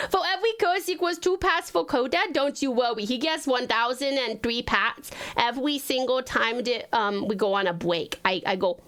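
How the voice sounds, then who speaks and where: A woman's voice: on the high side, normal speed, fairly bright tone. A woman streaming live, chatting with viewers in a put-on sugary baby-talk voice, giggling and calling them sweetheart and darling. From Tasmania, Australia.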